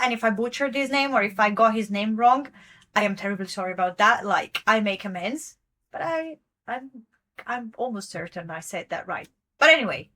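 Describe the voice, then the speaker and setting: Bright-voiced woman ranting in commentary. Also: a little high. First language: not English. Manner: ranting, rambling, emphatic; self-correcting, frequent fillers. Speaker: podcast host. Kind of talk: casual commentary.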